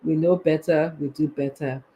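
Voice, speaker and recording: Co-host calmly reading names. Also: male voice, fairly high pitch. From Liberia. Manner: warm, unhurried, stumbles over names. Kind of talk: live show, reading out viewer names.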